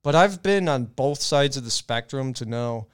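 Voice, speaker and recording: Young man, podcast co-host, casual swearing chat, smooth clear voice. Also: mid-range voice, lively intonation, moderate pace. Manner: loose, profane and rambling.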